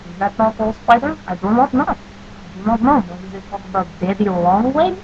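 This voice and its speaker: Woman, webcam vlogger, deadpan jokes in a put-on mock Russian accent, dull lo-fi audio with faint hum. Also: mid-range voice, brisk. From New Jersey. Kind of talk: comic accent-challenge vlog.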